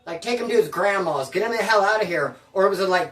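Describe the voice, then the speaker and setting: A man's voice: sits high, animated, fast, fairly bright tone, reverberant, recorded from a distance. Rambling man telling a street story. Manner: rambling, profane street slang. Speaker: storyteller recounting his past. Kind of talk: casual storytelling.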